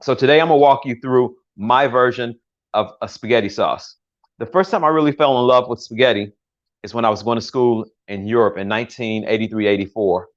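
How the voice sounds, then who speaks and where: An older American man walks viewers through a recipe in his home kitchen, chatting loosely, correcting himself and cracking small jokes. His voice sits at a middle pitch. The livestream audio is a little dull and lo-fi. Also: fairly quick. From United States. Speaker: home cook hosting a livestream. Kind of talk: casual cooking demonstration.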